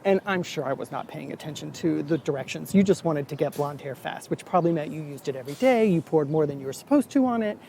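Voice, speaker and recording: A man's voice: on the high side, lively intonation, fast talker, gravelly, few pauses, warm tone, a little hiss or hum. A man in his forties chatting casually in a vlog, reviewing a hair product in a rambling, self-deprecating way. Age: 40s.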